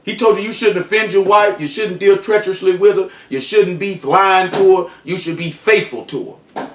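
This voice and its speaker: Echoey, distant preacher, raised voice. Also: male voice, sits high, normal speed, a bit bright, a little hiss or hum. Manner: reads scripture aloud, then explains it in loose colloquial speech. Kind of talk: sermon.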